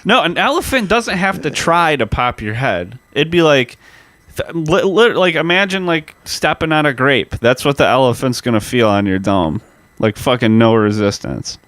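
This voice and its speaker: Man, podcast co-host, casual comedic chat, profane, halting restarts, mid pitch, dry sound. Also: animated, fairly bright tone, no room sound. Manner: profane, graphic, hesitant restarts.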